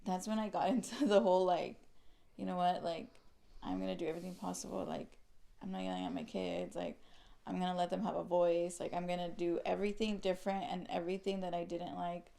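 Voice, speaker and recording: Gravelly-voiced young mom chatting casually. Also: female voice, lowish voice, fairly even intonation, fairly quick, dark tone. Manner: rambling, many "like" fillers. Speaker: podcast co-host. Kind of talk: casual chat.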